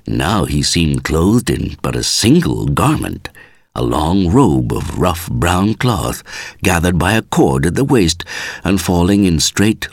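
A man reading a story aloud in a measured, expressive way. His voice sits very low yet moves lively in pitch. The recording is dry and close. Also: no echo. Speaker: audiobook reader. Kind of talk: scripted narration.

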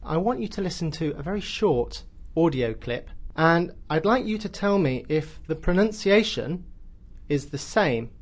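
An encouraging man hosts a radio language lesson. His voice sits a touch high and stays bright with praise. He guides the learner step by step. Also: lively intonation, unhurried. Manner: upbeat and encouraging. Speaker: host of a grammar lesson.

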